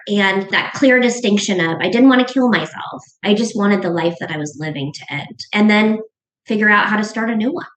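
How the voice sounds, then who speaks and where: A woman's voice: medium pitch, fairly bright tone. A middle-aged woman telling a personal story as a podcast guest, earnest and emotional, often restarting her sentences. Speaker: guest author. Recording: echoey room.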